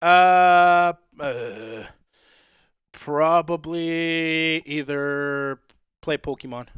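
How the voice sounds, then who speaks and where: Laid-back man with a smooth voice. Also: a little high, drawn-out words, fairly bright tone, no room sound, clean studio sound. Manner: laid-back, rambling, hesitant with fillers. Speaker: streamer. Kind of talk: casual chat on a collab stream.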